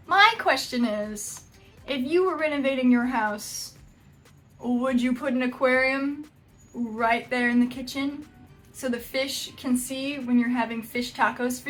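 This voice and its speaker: A woman hosting a casual reaction vlog, jokey, animated and self-deprecating. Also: high-pitched. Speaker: video host.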